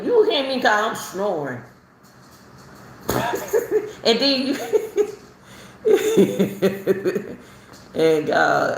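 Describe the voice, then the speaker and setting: A middle-aged woman from Chicago tells her own story in a casual, animated way, laughing often and repeating herself. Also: mid-range voice, slight background noise. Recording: roomy echo, faint ambience.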